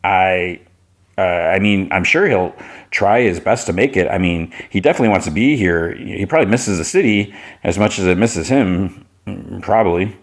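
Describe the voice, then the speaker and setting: Man doing a shy, halting mild-mannered guy. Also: low voice. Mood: hesitant. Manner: hesitant, halting.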